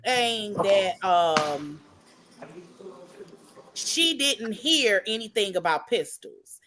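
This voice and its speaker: Animated, bright-voiced woman from the South. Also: medium pitch, extremely slow. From American South. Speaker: podcast co-host. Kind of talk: casual chat recap.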